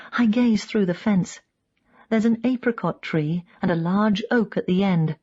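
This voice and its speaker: A woman reads scripted audiobook narration in first person, pitching her voice up to play the people she quotes. Her tone is darkish, and the recording is muffled.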